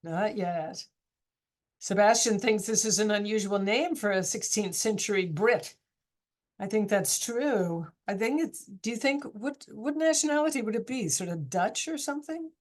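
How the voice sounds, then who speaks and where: A woman's voice: medium pitch, moderate pace. A woman teacher running a casual online class discussion, chatty and encouraging, asking students question after question.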